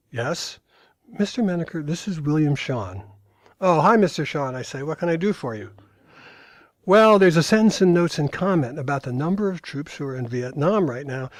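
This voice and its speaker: A man's voice: fairly high pitch, dry recording. An older man reading aloud from his own memoir at a live talk, in dry storytelling with brief asides to the audience.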